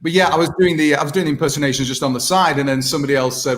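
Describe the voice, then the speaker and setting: A man's voice: fairly high pitch, very fast, a bit bright. A British man in his thirties, a guest impressionist chatting casually with many restarts. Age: 30s. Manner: rambling, self-deprecating, many restarts. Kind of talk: casual video-call chat.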